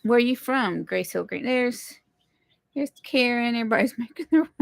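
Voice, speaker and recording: A woman's voice: fairly high pitch, expressive, normal speed, creaky, dry recording. A woman, chatting casually with viewers while hosting a home livestream. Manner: chatty, greets viewers, apologizes for tech trouble. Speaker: livestream host, homesteader.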